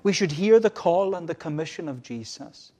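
A man preaching a sermon from a church pulpit, with repeated refrains, rising to loud cries and dropping to hushed lines. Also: fairly high pitch, lively intonation, normal speed. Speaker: minister.

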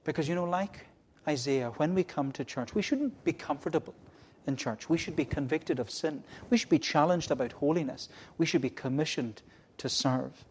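A man preaching a sermon from a church pulpit, with repeated refrains, rising to loud cries and dropping to hushed lines. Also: a little high, moderate pace, slight background noise. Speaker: minister.

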